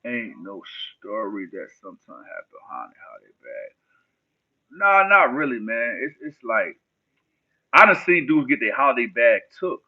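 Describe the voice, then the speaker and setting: This livestream host from New Jersey has a mid-range voice whose pitch swoops wildly, and he speaks at a moderate pace. He keeps things loose and laid-back, trading street slang with viewers and answering chat questions. The sound comes through thin and tinny, as if over a phone line.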